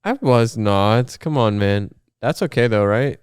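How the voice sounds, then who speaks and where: A man's voice: lowish voice, a little slow, clean tone, dry recording, studio quality. A man co-hosting a podcast in casual chat, easygoing and self-deprecating, laughing often. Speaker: podcast co-host.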